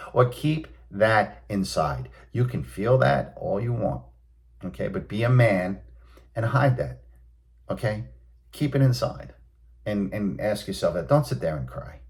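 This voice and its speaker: A man's voice: sits low, a little mellow. A man, hosting a sports talk show and ranting bluntly, with emphatic outbursts. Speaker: host. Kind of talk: opinionated sports talk monologue.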